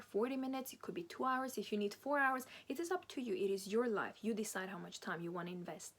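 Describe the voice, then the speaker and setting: A woman with phrasing giving earnest, animated relationship advice in a solo monologue. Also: mid-range voice.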